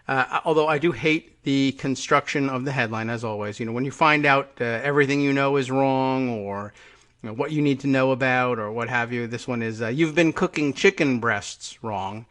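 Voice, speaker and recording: On his live political radio show, a male host delivers a casual, sarcastic monologue that wanders and hesitates. He speaks at medium pitch with a fairly bright tone.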